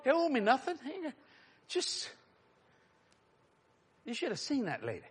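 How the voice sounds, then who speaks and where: A man preaching a storytelling sermon, animated and laughing, sometimes dropping to a hush. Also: very high voice, a little slow, husky. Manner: animated, laughing storyteller with sudden hushed drops.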